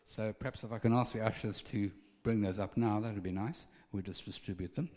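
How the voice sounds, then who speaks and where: A man's voice: fairly low pitch, steady tone, a little fast, a little mellow, long reverb tail. A man preaching a conversational sermon and acting out little scenes.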